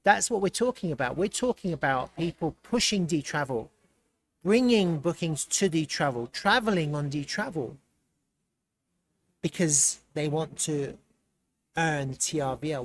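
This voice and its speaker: Excitable man thinking aloud on a livestream. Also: a little high, a little slow, a little hiss or hum. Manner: excitable, laughs often, thinks aloud while browsing. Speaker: livestream host. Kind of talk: casual live commentary.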